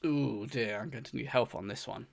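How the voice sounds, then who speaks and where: A man's voice: mid-range voice, moderate pace, creaky. A man streaming himself solving a crossword, thinking aloud, repeating clues under his breath and thanking viewers by name.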